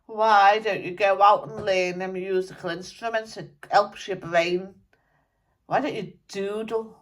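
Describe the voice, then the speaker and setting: A woman's voice: medium pitch, steady tone, measured pace, close to an everyday voice. A woman channelling the spirit of a blunt, angry male rock musician, scolding and swearing at listeners. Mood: ranting.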